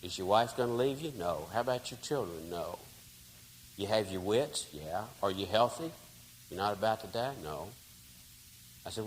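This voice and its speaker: Folksy preacher from Texas in a hall. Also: male voice, fairly low pitch, expressive, normal speed. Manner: folksy, conversational, dramatic shifts in loudness. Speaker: pastor. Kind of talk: storytelling sermon. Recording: reverberant hall, faint hiss.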